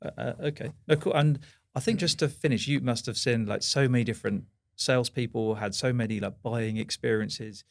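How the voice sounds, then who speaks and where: Gravelly podcast host. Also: male voice, mid-range voice, a little fast, few pauses. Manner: relaxed, casual questions with fillers. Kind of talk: conversational interviewing.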